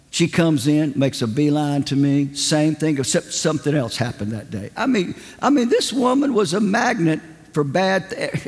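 A male preacher telling anecdotes in a sermon, animated and chatty, acting out the people he quotes. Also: fairly high pitch, in a large hall. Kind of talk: sermon storytelling.

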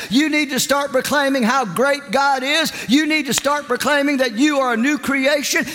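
A preacher acting out a stern, fed-up pastor. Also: male voice, a bit bright, in a large hall. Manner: booming, commanding rebuke. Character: stern exasperated male pastor scolding.

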